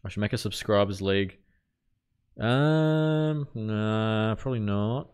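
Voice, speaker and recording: With a low, clear, resonant voice that moves little in pitch, a Kiwi man talks at normal speed during his live game stream. He chats casually, reacts to the action, and responds to viewer messages.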